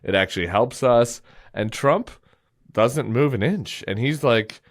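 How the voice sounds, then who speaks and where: A man co-hosting a political podcast in casual chat, animated and often mimicking the people he talks about. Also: medium pitch, a little slow. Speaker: podcast co-host.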